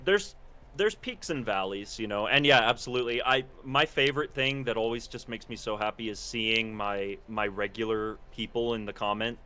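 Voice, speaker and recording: A man with a bright, forward voice chatting on a gaming podcast. He rambles and pokes fun at himself, stumbling over his first words before his thought takes shape. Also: fairly low pitch, normal speed, clear, resonant tone. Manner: rambling, self-deprecating, repeats words when starting a thought. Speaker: podcast co-host, gaming content creator. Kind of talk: casual podcast chat.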